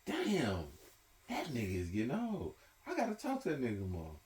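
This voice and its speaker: A man, hosting a casual group chat. He tells stories animatedly, swings between loud and soft, and laughs often. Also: mid-range voice, huge pitch swings, normal speed. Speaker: podcast host. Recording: echoey room, faint hiss.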